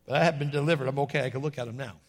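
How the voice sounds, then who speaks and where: A man's voice: mid-range voice, fairly even intonation, rapid-fire. A middle-aged man preaching a sermon in a folksy storytelling way, calling out to his congregation.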